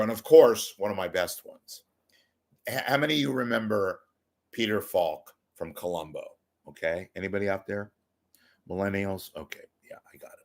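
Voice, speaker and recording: A man's voice: on the low side, darkish tone. A man hosting a casual monologue show, rambling and self-deprecating. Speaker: host.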